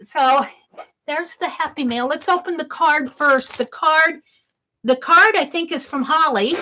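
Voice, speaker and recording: A woman's voice: sits high, measured pace, bright, forceful tone, low-quality recording. A middle-aged woman chatting cheerfully while she crafts at home, thinking aloud as she works. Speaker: craft vlogger. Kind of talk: casual crafting vlog chat.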